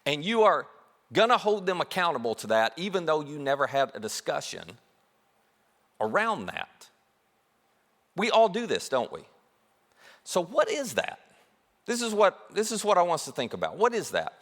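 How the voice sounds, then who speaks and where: Animated man preaching in a reverberant hall. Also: on the high side, moderate pace, long pauses. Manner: conversational preaching, animated with quoted asides. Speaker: pastor. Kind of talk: sermon. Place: church auditorium.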